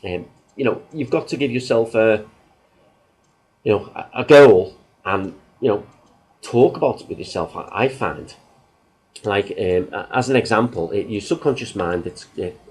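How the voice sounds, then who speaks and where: A man with a fairly low voice talks casually to the camera as a self-help host. He explains loosely and leans on everyday examples, sometimes acting out what people say. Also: lively intonation, normal speed, pauses often, darkish tone, slightly rough, poor audio.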